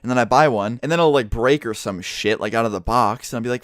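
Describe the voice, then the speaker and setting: A young man tells a storytime vlog in a quick, rambling rush, peppered with swearing and "like." His voice sits at an ordinary mid pitch and is recorded close on a studio mic with a dry, roomless sound. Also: a bit bright, no echo. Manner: profane, rambling, lots of "like". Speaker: YouTube commentator. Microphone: studio microphone.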